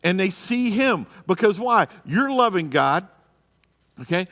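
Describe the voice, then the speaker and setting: A man's voice: high-pitched, sing-song, a little slow, fairly bright tone. A man, a pastor teaching a marriage class in church, emphatic and full of rhetorical questions. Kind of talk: church lesson. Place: church hall. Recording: live church room with reverb.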